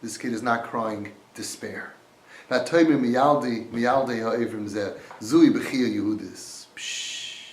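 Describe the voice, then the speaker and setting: Impassioned man teaching Torah, roomy echo. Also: mid-range voice. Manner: impassioned, quoting Hebrew texts and translating them. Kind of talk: inspirational Torah talk.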